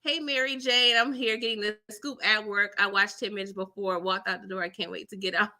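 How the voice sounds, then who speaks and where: A woman hosting a casual live-stream recap, animated and chatty, who laughs often and keeps tagging her lines with "okay?" and "girl". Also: mid-range voice, fairly quick. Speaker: TV episode recap host.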